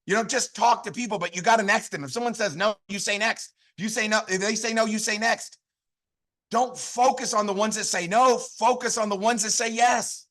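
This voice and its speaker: Fired-up man with a high, bright voice. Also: a little fast, vocal fry. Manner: fired-up, repetitive, call-and-response. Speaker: network marketing leader. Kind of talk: motivational training talk.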